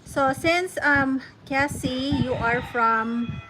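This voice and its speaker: A middle-aged woman with a Filipino accent chats casually with her viewers, laughing often and restarting her sentences. Her voice sits a little high and she talks slowly. A steady hiss of noise runs under the recording. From Philippines. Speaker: vlogger chatting with viewers. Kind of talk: casual chat. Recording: noisy home recording.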